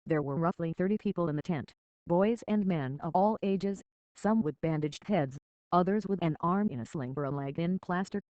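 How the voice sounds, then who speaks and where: An audiobook reader narrating a children's novel in a measured, steady storybook voice, on a dull, dry lo-fi recording. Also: medium pitch, dry recording.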